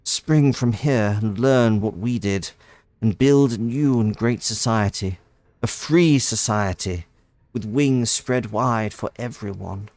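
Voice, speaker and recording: Man doing alluring winged woman, soft, slow, solemn, hushed, dry close sound. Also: on the low side, no echo.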